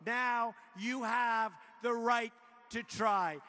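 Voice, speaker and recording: A man in his seventies giving a boastful, repetitive political rally speech in a large arena, often breaking into shouts. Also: very high-pitched, steady tone, drawn-out words. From United States. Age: 70s. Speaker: president addressing a rally. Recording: long hall reverb with faint noise.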